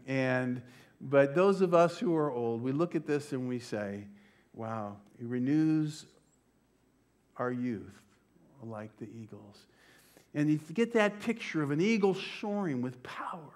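Older man preaching, slightly high voice. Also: a little mellow. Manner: preaching with slowed, emphatic phrasing and dropping to near-whispers. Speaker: pastor. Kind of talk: sermon. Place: church.

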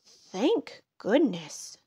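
A woman voicing a stuffed, weary woodchuck in a storybook, sighing slowly. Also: fairly high pitch, big pitch swings, mellow, slightly rough, pitched above the performer's own voice, exaggerated voice. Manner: sighing, slow. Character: full, weary woodchuck ready to sleep.

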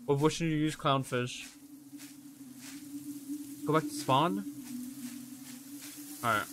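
A man's voice: fairly high pitch, slow pace, noisy background. A man streaming a game live, swearing and exasperated, who keeps calling out for his teammate. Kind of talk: live gameplay commentary.

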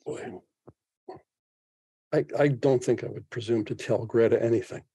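A man in his seventies appears as a podcast guest, thinking aloud reflectively in an interview and often restarting. His mid-range voice is mellow and slightly rough, at a moderate pace, with no echo.

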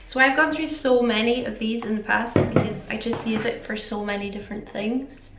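A woman's voice: on the high side, steady tone, normal speed, noisy background. Chatty woman, echoey room. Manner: rambling, chatty, self-aware. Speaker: beauty vlogger. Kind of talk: chatty makeup tutorial. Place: home makeup setup. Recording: echoey room with faint music.

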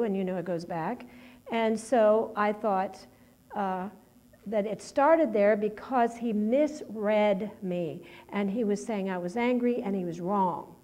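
A woman's voice: mid-range voice, a little mellow. A middle-aged woman preaching a personal testimony sermon, talking in a conversational, rambling way with many restarts and fillers.

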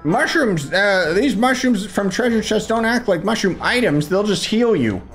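A man's voice: high-pitched, expressive, normal speed, fairly bright tone, soft background music, low-quality recording. A man voicing a small, cheerful mushroom guide while reading game dialogue aloud, in a chipper, explanatory manner.

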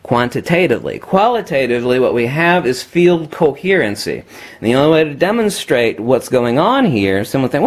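A man's voice: medium pitch, big pitch swings, moderate pace. A man giving an unscripted, emphatic talk while demonstrating magnets, addressing viewers as kiddies.

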